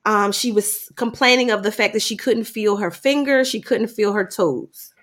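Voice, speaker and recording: A middle-aged woman telling a personal story in conversation, animated at times and quiet at heavy moments. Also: mid-range voice. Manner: animated, acts out dialogue in quick bursts. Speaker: guest sharing a personal story.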